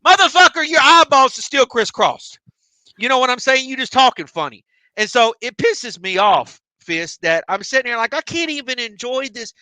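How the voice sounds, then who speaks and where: Animated, high-voiced New man ranting. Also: normal speed, smooth, no echo. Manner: emotional, animated ranting with heavy profanity. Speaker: podcast co-host. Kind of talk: heated casual chat.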